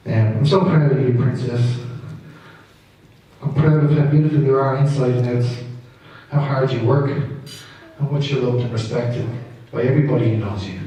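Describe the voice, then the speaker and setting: At a wedding reception, the father of the bride gives a speech full of funny family stories, laughing through his punchlines in a warm storytelling style. His voice is medium-pitched at normal speed, recorded from far off in an echoey hall with faint room noise.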